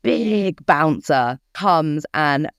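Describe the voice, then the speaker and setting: A young woman co-hosting a podcast, telling a story in casual chat with a British English accent, animated and swearing freely. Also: sits low, drawn-out words, gravelly, no room sound, studio quality. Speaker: podcast co-host.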